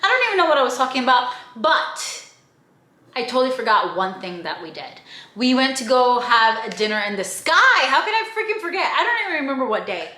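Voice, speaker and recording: A young woman talks through her travels in a loose, chatty way, now and then swearing. Her voice sits a little high and sounds very bright. The room around her rings with echo. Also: a little fast. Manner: chatty, animated, swears casually, acts out other people. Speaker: travel vlogger. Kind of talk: casual travel vlog. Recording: echoey room.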